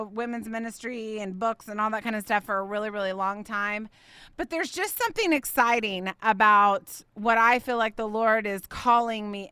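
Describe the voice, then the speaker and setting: A woman's voice: a little high, bright, forceful tone, clear, resonant tone, dry recording. Woman, middle-aged, faith podcast host, effusive, emotional, restarts, dry close sound. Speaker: podcast host and ministry leader.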